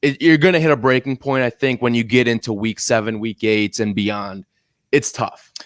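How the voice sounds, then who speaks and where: A man's voice: medium pitch, steady tone, normal speed, no echo, clean studio sound. A man co-hosting a college football podcast, talking casually and teasing his co-host. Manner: upbeat, teasing banter. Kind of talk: casual sports chat.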